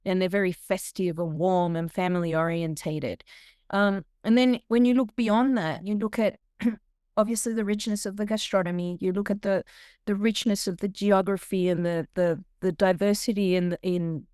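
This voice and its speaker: A woman's voice: medium pitch, steady tone, normal speed, darkish tone, clean tone, no room sound, studio quality. A middle-aged woman with an Australian accent, a podcast guest telling stories animatedly with laughs and frequent restarts. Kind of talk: podcast interview storytelling.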